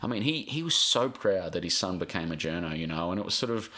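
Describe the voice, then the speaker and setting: A man's voice: deep voice, animated, quick pace, pushed and bright. A middle-aged Australian man, a journalist guest on a podcast, talking in a rambling, heartfelt way with casual swearing and many restarts. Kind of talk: emotional podcast interview.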